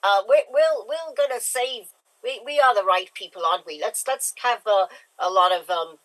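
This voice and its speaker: A woman's voice: on the high side, moderate pace, fairly bright tone, rough recording. A woman performing an improv scene in a playful, rambling way that keeps interrupting itself.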